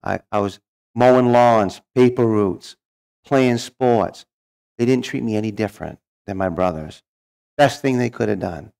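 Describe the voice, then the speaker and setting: A man's voice: on the low side, a little slow, vocal fry, a little mellow, clear, resonant tone. A middle-aged man telling his life story as a guest speaker, folksy and humorous, acting out the voices of people he quotes. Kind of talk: storytelling testimony.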